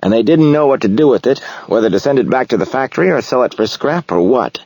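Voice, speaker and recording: A man's voice: mid-range voice, expressive, fast, a little mellow, husky, no room sound, voice pushed up. A male audiobook narrator voicing a puzzled, proud man who owns a motorcycle, defensive and plaintive. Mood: confessional.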